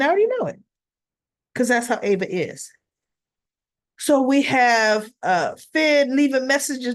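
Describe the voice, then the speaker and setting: A woman giving a casual, chatty recap of a soap opera episode. She retells each scene in her own words, slips into quoted dialogue and adds her own asides. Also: mid-range voice.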